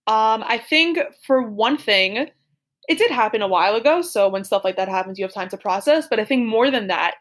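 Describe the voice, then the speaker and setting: A woman's voice: a little high, lively intonation, brisk. A young woman co-hosting a podcast, telling a personal story in a chatty, giggly way full of "like" and "super". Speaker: podcast co-host.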